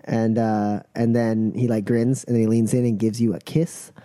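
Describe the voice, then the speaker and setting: Male game master, mellow voice, dry close mic, easygoing narration. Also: lowish voice, flat delivery, normal speed, no room sound.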